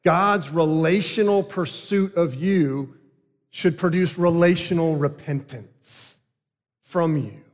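A man preaching a sermon as a pastor, earnest and emphatic, with deliberate pauses. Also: on the high side. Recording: long hall reverb.

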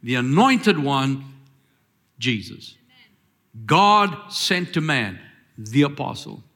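A man's voice: mid-range voice, very animated, slow pace, creaky, bright, forceful tone. A man preaching a sermon, asking questions and calling for the congregation's answers, with rising emphatic lines. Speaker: pastor.

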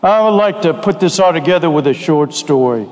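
A man preaching a sermon, telling stories in a slow, deliberate way with drawn-out phrases. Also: a little high, expressive, a little mellow, long reverb tail, poor audio. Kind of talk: sermon with storytelling.

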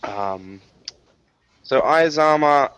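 A man narrates a tabletop game as its game master, jokey and halting, stopping on fillers as he sets each scene. His voice is bright and forward, and the sound is dry with no room around it. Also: a little high, lively intonation, clean tone, no echo, low-quality recording.

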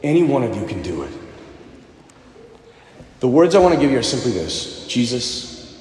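A man, a priest, preaching a sermon and telling stories in an animated way, acting out the voices of the people in them. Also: mid-range voice, moderate pace, echoey room, long reverb tail, slight background noise.

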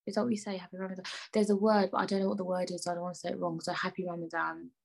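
A woman's voice: fairly low pitch, level tone, very fast, vocal fry, a little mellow. A young woman hosting her own podcast, chatting in a rambling, playfully indignant way and sometimes dropping into near-whispered asides. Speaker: podcast host. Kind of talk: casual solo podcast chat.

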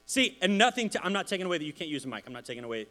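A man, a pastor, giving a casual sermon in church, chatty and animated, telling stories with many asides. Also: high-pitched, very fast.

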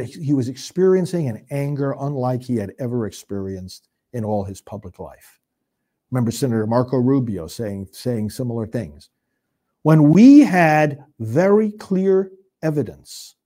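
In a warm, mid-range voice, a priest preaches an impassioned political commentary. Rhetorical questions come thick and fast, and he surges into rapid bursts whenever he grows heated.

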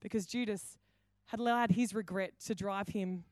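A woman pastor, preaching a sermon with animated storytelling and acted-out dialogue. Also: mid-range voice, moderate pace, no room sound. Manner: animated storytelling, acting out quoted voices. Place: church hall.

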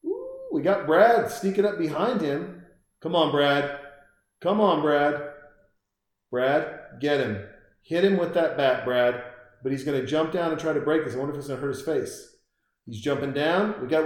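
A man casually commenting on a horror film as he watches it, rambling and excitable, talking to the characters on screen. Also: on the high side. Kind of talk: casual live film commentary while drinking beer. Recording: very echoey room.

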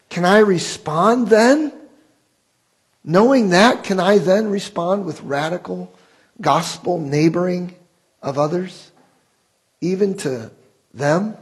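A man's voice: on the high side, slightly rough, poor audio. A man preaching a sermon as pastor, earnest and building to impassioned rhetorical questions.

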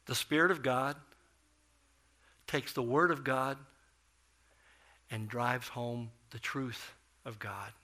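A middle-aged man preaches a sermon in a bright, clear voice at an ordinary pitch. He tells his stories with swings between loud and soft. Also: steady tone, slow pace, long pauses. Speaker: pastor.

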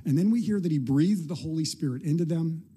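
A man's voice: fairly high pitch, fast talker, dark tone, husky. A male pastor preaching a sermon in a casual, conversational way, now and then acting out short quoted lines with a playful touch.

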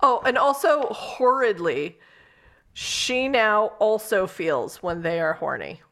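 A woman co-hosting a casual podcast, cracking wry jokes and swearing offhandedly. Her voice sits in a middle pitch. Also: animated, takes it slowly, fairly bright tone. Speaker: podcast co-host. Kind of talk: casual chat.

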